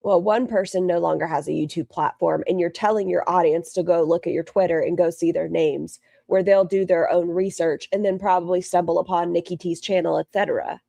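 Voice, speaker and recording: A woman's voice: fairly low pitch, steady tone, brisk, gravelly, hardly any pauses, dark tone, dry recording, clean studio sound. A woman live-streaming commentary, sarcastic and mocking, reading out super chats between asides. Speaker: reaction streamer.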